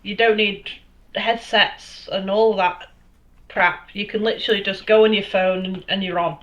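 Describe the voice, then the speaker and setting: A woman's voice: medium pitch, steady tone, moderate pace, fairly bright tone, muffled recording. A woman from Northern England co-hosting a casual online horror chat show, chatty and full of "um" fillers. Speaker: podcast co-host.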